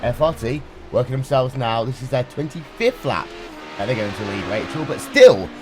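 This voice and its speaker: A man calls a sim race live with brisk, playful play-by-play. His voice sits at an ordinary middle pitch for a man. Music plays clearly under the commentary. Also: big pitch swings. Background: music playing underneath.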